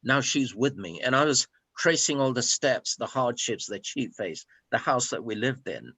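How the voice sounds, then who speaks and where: A middle-aged man from Pakistan speaks as an interview guest with a bright, sharp edge to his voice. He talks from the heart, circling back and repeating phrases. The sound is close and dry. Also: mid-range voice, expressive, normal speed, slightly rough, no room sound. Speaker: guest, food and hospitality consultant. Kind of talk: personal interview conversation.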